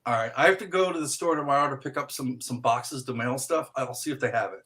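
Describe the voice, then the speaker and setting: A man's voice: medium pitch, fast, bright, forceful tone. A man co-hosting a casual podcast, rambling through a funny anecdote with swearing and quoted voices. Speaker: podcast co-host. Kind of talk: casual chat, storytelling.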